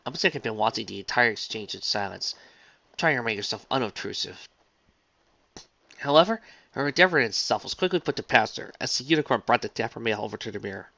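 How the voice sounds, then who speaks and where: Animated storybook reader, dull lo-fi sound. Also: medium pitch, fast, vocal fry, no room sound. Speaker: fan fiction reader. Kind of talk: story narration. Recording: dull lo-fi recording, dry.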